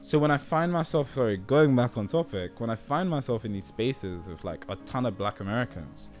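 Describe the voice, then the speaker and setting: Over soft background music, a young YouTube creator with a British accent talks a little fast in a medium-pitched, lively voice. His casual monologue rambles, and he often checks in with "do you know what I mean."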